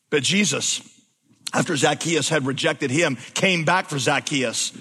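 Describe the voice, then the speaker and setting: A man preaching a sermon in a church, dropping to a slow hush for emphasis, then rising to loud exclamations. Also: fairly high pitch, breathy edge. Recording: long hall reverb.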